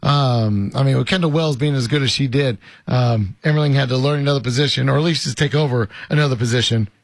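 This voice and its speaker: A man's voice: mid-range voice, quick pace, no room sound. Man talking sports, dry sound. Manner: conversational, many fillers, emphatic repetition. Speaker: sports talk host. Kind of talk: casual sports radio chat.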